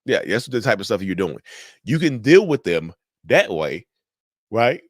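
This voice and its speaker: Man, deep-ish voice, dry close sound; casual, direct advice host. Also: big pitch swings, a little slow, dry recording. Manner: direct, repetitive, addresses viewers as y'all. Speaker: mental health channel host.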